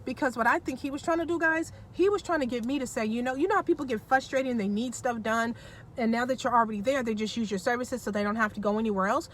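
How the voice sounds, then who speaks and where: A woman vlogger chatting her way through a personal story, animated and laughing as she goes. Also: on the high side, fast, slight background noise. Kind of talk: casual storytelling.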